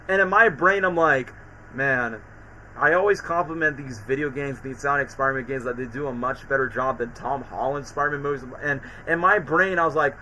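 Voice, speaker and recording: Excitable man with a bright voice. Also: fairly high pitch, brisk, a little hiss or hum, low-quality recording. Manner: excitable, acts out quoted lines from scenes. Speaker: streamer. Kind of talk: casual commentary.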